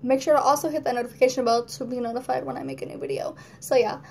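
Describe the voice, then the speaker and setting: A woman's voice: high voice, rapid-fire, vocal fry, a little mellow, a little hiss or hum. A woman vlogging at home in casual chat to camera, rambling, laughing often and acting out moods in quoted voices.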